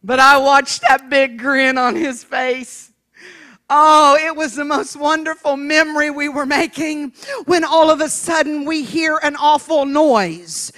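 A woman evangelist with a high, bright voice tells a folksy story from the pulpit. She drops to hushed asides, then rises into shouted preaching. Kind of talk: sermon storytelling.

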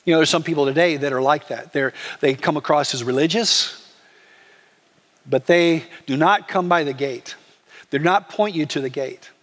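A male pastor delivers a sermon in a conversational, animated way. His voice sits high, and a long reverb trails his words through the church. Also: normal speed. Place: church sanctuary.

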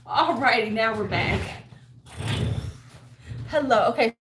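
A woman's voice: fairly high pitch, expressive, slow pace, a bit bright, slight background noise. Chatty woman hosting a home livestream. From United States. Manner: chatty, greets viewers by name, talks to herself while busy. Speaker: beauty livestream host. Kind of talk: casual livestream chat. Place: home in winter.

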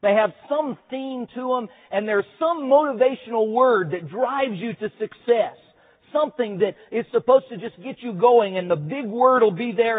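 At a seminary chapel, a preacher gives a relaxed, self-deprecating sermon, frequently pausing on filler sounds. For a man, his voice is fairly high, and the audio is thin and tinny, like a phone call.

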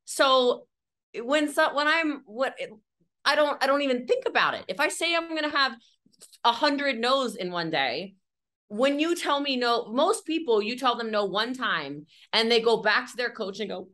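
This is a woman entrepreneur giving a lively, candid interview about sales. Her voice is bright and a bit sharp. She talks with emphatic energy, sprinkling in fillers and quick acted-out scenes. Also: sits high. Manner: energetic, chatty, emphatic, acts out little scenes with fillers like "like" and "okay".

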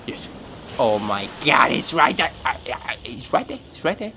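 A man giving excitable gameplay commentary, yelping, swearing and laughing. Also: medium pitch, normal speed, noisy background. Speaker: gamer. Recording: game music behind the voice. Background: game music.

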